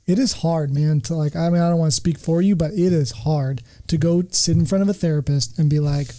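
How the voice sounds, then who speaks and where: Earnest man with a very dark voice. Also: fairly high pitch, brisk, hardly any pauses, rough recording. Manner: earnest and emphatic, speaks in faith terms. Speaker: podcast guest, returning regular. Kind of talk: casual heartfelt chat.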